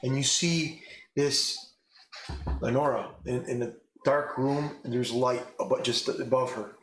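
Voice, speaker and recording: A man narrating a tabletop game as game master, describing scenes haltingly with frequent restarts. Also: mid-range voice, background noise. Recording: echoey room with music behind.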